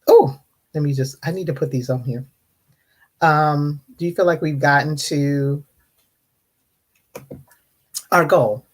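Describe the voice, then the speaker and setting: Hosting an open online panel from the United States, she's mildly tipsy on wine and chatting loosely with viewers, greeting them and fielding questions. She speaks slowly at a medium pitch with long pauses. Her stories are animated, full of mocking impressions of the rude questions others have put to her.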